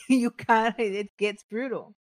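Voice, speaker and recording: A woman's voice: fairly high pitch, steady tone, dry recording. Jokey woman co-host, dry close sound. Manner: jokey, quick asides. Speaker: podcast co-host. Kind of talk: casual true-crime chat.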